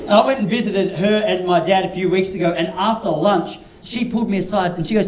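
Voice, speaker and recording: A man in his thirties from Australia telling a stand-up story with dry understatement, his voice sitting quite high. He is heard from a distance in a reverberant club. Steady noise runs underneath. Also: brisk. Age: 30s. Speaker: stand-up comedian. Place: comedy club stage. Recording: echoey distant stage sound with noise.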